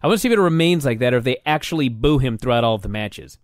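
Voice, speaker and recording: A man's voice: medium pitch, expressive, no echo, studio quality. A man co-hosting a podcast, musing and arguing his points about old wrestling in casual chat. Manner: musing, argumentative, quick to react. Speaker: podcast co-host.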